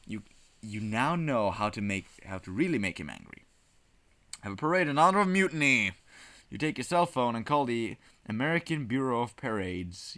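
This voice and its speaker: A man hosting a comedy podcast, reading a text adventure aloud in an animated, profane way and often breaking into laughter. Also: mid-range voice. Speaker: podcast host playing a text game.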